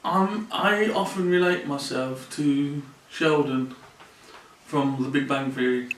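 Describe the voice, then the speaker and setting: A man's voice: fairly high pitch, slow pace. A man talking earnestly and plainly in a personal vlog from his mother's home, often repeating his phrases. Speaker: vlogger. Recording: roomy sound from a distant mic.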